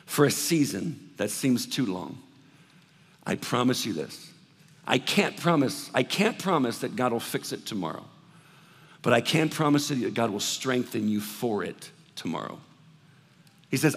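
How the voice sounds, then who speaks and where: A male pastor preaching a sermon in a church, swinging between loud emphatic bursts and hushed, soft passages. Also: medium pitch, big pitch swings, moderate pace, slightly rough, long reverb tail. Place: church hall, preaching from the floor.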